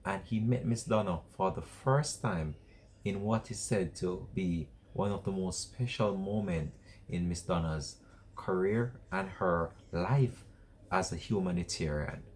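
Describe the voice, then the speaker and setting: A man's voice: deep voice, a little slow, darkish tone, slight background noise. A man presenting an entertainment news show in an announcer-like way, repeating the show's name.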